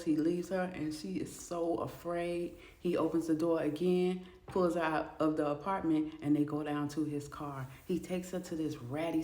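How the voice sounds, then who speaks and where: A woman's voice: low voice, mellow. A woman narrating a storytime video in a casual, conversational way. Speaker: storyteller and booktuber. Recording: echoey room.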